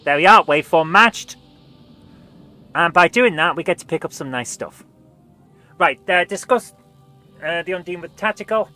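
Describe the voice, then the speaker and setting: A woman's voice: fairly low pitch, expressive, normal speed, long pauses, pushed and bright, faint music behind. A woman streamer chatting casually over live gameplay while fighting a cold, reading game text aloud in playful voices. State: has a cold.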